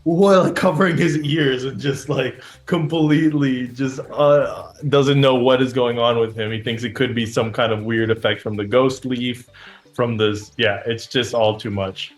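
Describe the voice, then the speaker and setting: A man's voice: mid-range voice, fairly even intonation, measured pace. A man playing a tabletop game, describing his character's actions in a hesitant way full of "like". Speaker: player.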